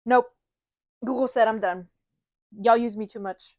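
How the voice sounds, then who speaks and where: A young woman co-hosting a podcast in casual chat, reacting with quick jokes and exclamations. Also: on the high side, fairly even intonation, a little mellow, no room sound, studio quality. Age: young adult. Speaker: podcast co-host.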